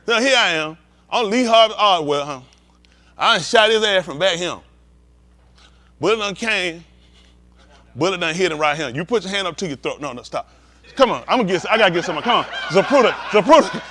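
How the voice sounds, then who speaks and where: Here a man with a high, sharp-toned voice preaches a heated sermon, bluntly and with profanity. As pastor, he confronts his listeners and acts out scenes with congregation volunteers.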